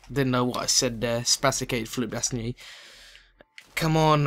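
A man giving excitable let's play commentary, chatting to the animals in the game. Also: medium pitch, unhurried.

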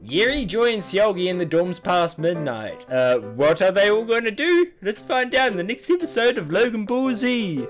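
A man hosting a casual reaction video, talking in a playful, exaggerated, excitable way. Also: sits high, normal speed, hardly any pauses, faint music behind.

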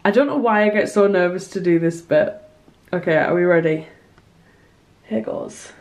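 A young woman chatting casually as she narrates her crafting work in a vlog, self-conscious and softly emotional at times. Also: on the low side, moderate pace. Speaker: small business artist, vlogger.

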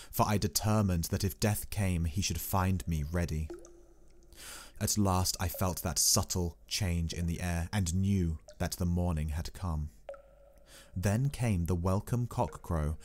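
A man reading a classic novel aloud as scripted narration, calm and even. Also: low-pitched. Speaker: audiobook reader.

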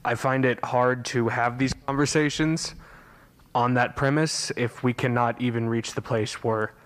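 A man in the audience putting a question to the speaker in a halting, hesitant way, in short fragments. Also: mid-range voice, fairly even intonation, fairly bright tone. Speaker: audience member asking a question. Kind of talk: Q&A question from the floor.

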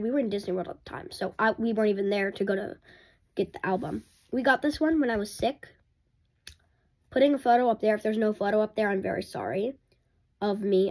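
A woman vlogger talking in a rambling, excitable and apologetic way during a casual unboxing. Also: medium pitch.

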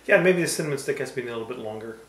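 A man co-hosting a cocktail tasting show, teasing dryly and pausing to find his words. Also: medium pitch, animated. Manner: dry teasing, halting with fillers. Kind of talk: casual tasting chat. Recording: roomy with faint background noise.

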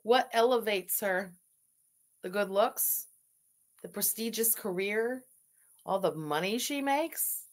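A woman's voice: mid-range voice, animated, slow pace, pauses often. A woman giving sarcastic, swearing reaction commentary on a livestream. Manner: sarcastic, scathing, swears freely.

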